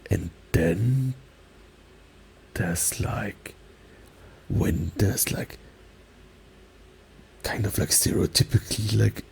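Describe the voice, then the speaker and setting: A man with a German accent, a native German speaker, doing soft-spoken ASMR talk with gentle, playful whispering into a binaural mic. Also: fairly low pitch, very slow, creaky, pauses often, a little hiss or hum, poor audio. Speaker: ASMR creator. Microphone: binaural microphone.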